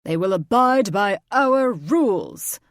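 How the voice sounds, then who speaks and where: A woman voicing a blustering, hot-tempered male dragon king in an audiobook, gruff and domineering. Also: mid-range voice, animated, slow pace, dry recording, studio quality. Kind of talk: audiobook character voice.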